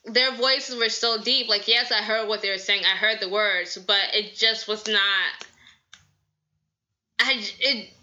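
An energetic, bubbly woman from the American South, hosting a podcast with casual, chatty advice. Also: medium pitch, measured pace, lo-fi sound. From Southern United States. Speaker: podcast host.

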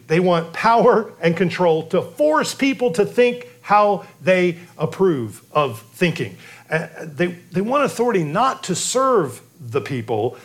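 A man preaching a sermon, earnest, repeating and restarting phrases as he builds his points. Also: on the high side. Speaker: pastor.

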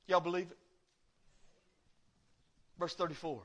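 A man preaching a sermon as pastor, swinging between loud proclaiming and quiet, confiding asides. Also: fairly high pitch, slow pace, long pauses, slightly rough. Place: church sanctuary.

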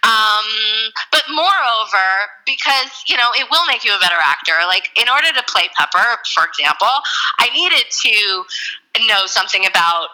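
A woman actress chatting casually in an interview, full of fillers and quick laughs. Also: a little high, expressive, pushed and bright, rough recording. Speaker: actress, guest.

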